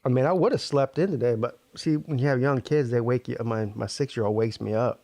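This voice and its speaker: A man's voice: medium pitch, brisk, a little mellow, dry recording. Tired laid-back man in his forties. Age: 40s. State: exhausted, yawning. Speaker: co-host of a live stream. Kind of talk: casual chat.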